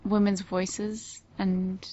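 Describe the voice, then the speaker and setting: A woman co-hosting a podcast, retelling things haltingly with lots of fillers. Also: medium pitch, little pitch movement, warm tone, no echo. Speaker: podcast co-host. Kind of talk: casual stoner chat. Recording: dull lo-fi sound.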